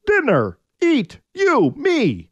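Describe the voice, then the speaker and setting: A man's voice: very high voice, huge pitch swings, very slow, no room sound, dull audio, voice pushed up, heavily acted. Orion, a man doing a grunting caveman giant. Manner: grunting broken speech.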